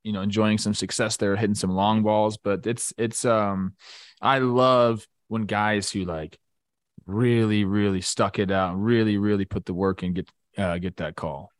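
A former pro baseball player, a man talking sports in a relaxed, halting way. His voice is lowish, and the sound is dry and close. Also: no echo. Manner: relaxed, halting, many restarts. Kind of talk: casual sports talk.

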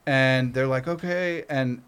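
A man's voice: medium pitch, steady tone, moderate pace. A middle-aged man from Canada, a podcast guest telling stories casually, swearing freely and acting out what others said. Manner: swears freely, acts out quoted voices. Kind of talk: casual storytelling.

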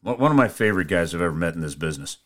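A man co-hosting a hockey show, telling jokey stories in an animated way. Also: low voice, rapid-fire. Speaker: hockey play-by-play broadcaster and co-host. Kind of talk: casual sports chat.

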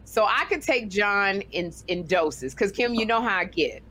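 A woman co-hosting a talk show, telling a story in a lively, casual way and acting out other people's voices as she goes. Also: medium pitch, moderate pace.

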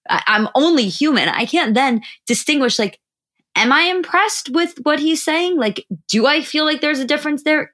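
A woman's voice: a little high, fairly bright tone. A woman co-hosting a podcast, talking casually and hesitantly, stopping and restarting as she thinks aloud. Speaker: podcast co-host. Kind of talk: casual chat.

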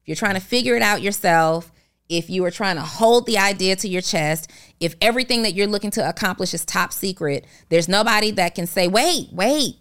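A woman's voice: mid-range voice, a little fast, fairly bright tone, clean tone. A woman co-hosting a podcast, talking in an earnest coaching way and working through examples step by step. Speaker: podcast co-host. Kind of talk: motivational podcast talk.

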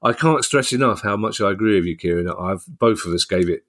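A man's voice: on the low side, animated, a little fast, fairly bright tone. A man co-hosting a podcast in casual chat, self-deprecating and talkative, often restarting his sentences. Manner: self-deprecating, chatty, frequent restarts and laughs. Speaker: podcast co-host.

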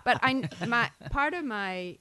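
A middle-aged woman with a Boston accent, a comedian telling stories in casual chat, lively and quick to laugh. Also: a little high, clear, resonant tone, dry recording. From Massachusetts. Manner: lively storyteller, laughs often, puts on voices for jokes. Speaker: comedian guest.

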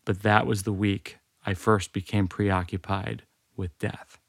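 A man's voice: on the low side, level tone, measured pace, vocal fry, no echo. A man in his forties, a podcast host, reading a personal story aloud in a dry, wry way with self-aware asides. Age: 40s.

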